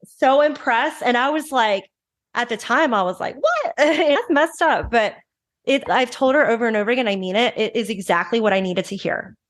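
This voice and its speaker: A woman in her thirties, a recovery advocate, telling her story frankly and emotionally in quick bursts with restarts. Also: on the high side. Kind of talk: candid personal storytelling.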